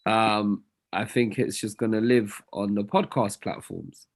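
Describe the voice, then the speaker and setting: A man from hosting a podcast, relaxed and chatty with hesitant fillers. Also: fairly low pitch, unhurried, creaky. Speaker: podcast host. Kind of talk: casual podcast sign-off.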